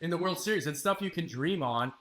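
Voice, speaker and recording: A man's voice: fairly high pitch, lively intonation, a bit bright. Confident man analyzing baseball. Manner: confident, measured, emphatic. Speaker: sportswriter guest. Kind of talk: interview analysis.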